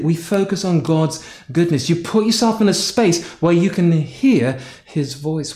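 Preaching in a roomy space, a North Yorkshire pastor with a high, dark-toned voice shares a personal story during his sermon. He dramatizes the frustrated prayers he once made.

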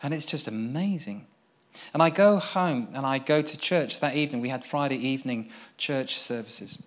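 A young man preaching as he tells a personal testimony, earnest and storytelling, swinging from excited to hushed. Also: mid-range voice, moderate pace.

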